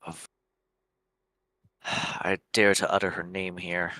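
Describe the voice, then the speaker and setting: A man's voice: low-pitched, expressive, takes it slowly, pauses often, pushed and bright, dry recording. A man playing a tabletop role-playing game, speaking thoughtfully in a slightly formal in-character way. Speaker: player. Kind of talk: casual tabletop role-play.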